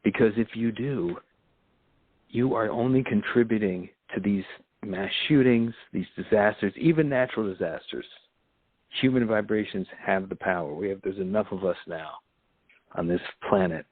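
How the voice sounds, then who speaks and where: A lowish, husky male voice rambles through a preachy monologue, swearing and laughing as he goes. The sound is thin and phone-like, with no room around it. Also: normal speed, no room sound. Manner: profane, laughs often, preachy. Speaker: podcast host.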